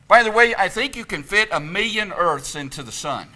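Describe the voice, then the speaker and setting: A man preaching a sermon as pastor in a church, animated and emphatic, swinging from loud peaks to quiet passages. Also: high voice, moderate pace, hardly any pauses. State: out of breath. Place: church sanctuary.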